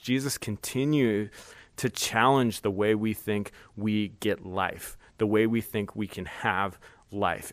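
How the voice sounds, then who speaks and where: A man's voice: fairly low pitch, fairly bright tone, no room sound. A man, a pastor, giving a conversational sermon with speech and frequent fillers.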